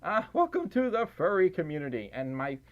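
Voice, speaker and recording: Tired, scratchy-voiced man streamer, rambly and self-deprecating, bouncy pitch on a muffled home mic. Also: big pitch swings, unhurried. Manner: rambling and self-deprecating, many fillers and laughs. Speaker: livestreamer. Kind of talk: casual live stream chat.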